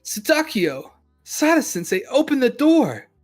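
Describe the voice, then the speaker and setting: A man voicing a frantic teenage girl who shouts and pleads at a locked door, during a manga read-aloud. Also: sing-song, unhurried, soft background music, heavily acted. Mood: desperate pleading. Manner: shrill shouting.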